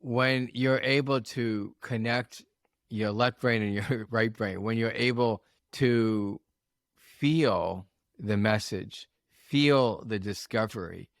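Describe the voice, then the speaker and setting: Animated man telling coaching stories. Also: on the low side, slow pace, no room sound, clean studio sound. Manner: storytelling, animated, acts out quotes. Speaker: coach, podcast guest. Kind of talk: casual podcast conversation.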